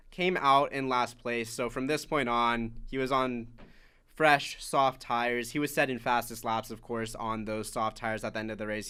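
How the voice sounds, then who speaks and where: A man talking through a race recap on a casual podcast, loose and chatty, leaning on "like" as he goes. His voice comes across smooth and resonant, at a middle pitch. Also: bright, forceful tone. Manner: chatty, many "like" fillers, recapping laps. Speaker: podcast co-host.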